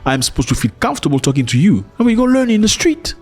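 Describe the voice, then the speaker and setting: A man from Africa giving reaction commentary in an animated, joking way, his voice leaping high for emphasis. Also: fast, slightly rough, faint music behind.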